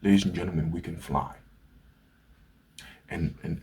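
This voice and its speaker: Low, husky-voiced man delivering an earnest reflective monologue to camera. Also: very animated, normal speed, pauses often, warm tone. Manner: earnest, storytelling, rhetorical questions. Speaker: vlogger. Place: indoors, Hamburg.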